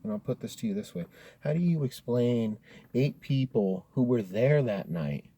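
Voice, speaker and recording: A man's voice: medium pitch, animated, moderate pace, warm tone, no room sound. A man telling a spooky story in a casual, profane, laid-back way, dropping "dude" often.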